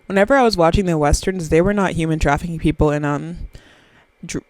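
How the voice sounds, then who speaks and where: A woman's voice: sits low, fairly quick, a little mellow, no room sound, low-quality recording. Girl in her 20s rambling on her podcast, swears a lot, makes fun of herself, mouth right on the mic, dry sound. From Southern US. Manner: rambling, profane, self-mocking. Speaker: podcast host. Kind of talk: casual solo podcast chat. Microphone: very close to the microphone.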